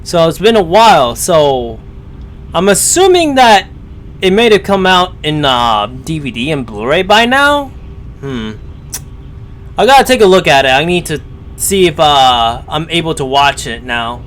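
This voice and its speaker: Rambling man streamer, slightly high voice. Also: very animated, measured pace, a bit bright, a little hiss or hum. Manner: rambling, hesitant, many fillers. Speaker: streamer reacting to a story. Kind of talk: casual live-stream commentary.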